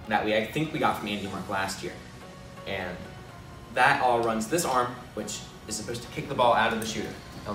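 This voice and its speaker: A man casually walking through how his team's robot works, in a self-deprecating, relaxed way. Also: medium pitch. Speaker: robotics team member. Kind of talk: casual technical walkthrough. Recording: echoey room, mic far off, music behind.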